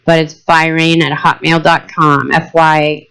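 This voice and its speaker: A woman with a Boston accent co-hosts a casual talk podcast in an easygoing, chatty way. Her voice sits low and sounds smooth and clear. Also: flat delivery, measured pace, fairly bright tone. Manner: laid-back, chatty, plugging her nail business. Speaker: co-host.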